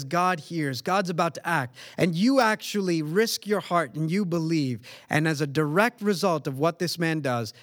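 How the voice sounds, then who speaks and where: Guy preaching, earnest and emphatic, pauses for effect, kinda high voice, dry close sound. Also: dry recording. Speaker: pastor. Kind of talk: sermon.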